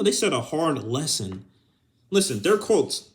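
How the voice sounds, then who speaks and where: A man's voice: fairly high pitch, big pitch swings, measured pace. Profane, heated young man ranting. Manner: profane, heated, breaks into laughter. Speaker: podcast host. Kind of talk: casual ranting monologue.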